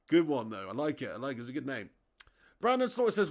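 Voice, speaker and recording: A man's voice: mid-range voice, huge pitch swings, normal speed, pauses often. A man hosting a live football watch-along stream, chatting casually, reading out viewer comments and laughing often.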